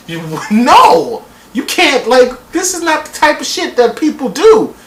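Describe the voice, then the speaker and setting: A woman recapping a reality TV episode in a casual vlog, profane and animated, acting out quotes in exaggerated voices. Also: high-pitched, a little slow, slight background noise. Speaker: TV show reviewer. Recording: roomy echo.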